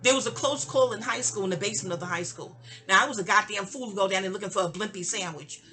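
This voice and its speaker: A woman, telling a personal story in a casual audio diary, animated and profane, acting out quotes with big jumps in pitch. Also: fast talker. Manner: profane, conversational asides.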